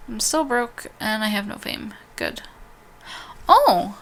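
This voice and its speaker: Bright-voiced woman reading a story game aloud. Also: on the high side, expressive. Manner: reads aloud with stumbles, restarts and quick asides. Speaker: let's-play host.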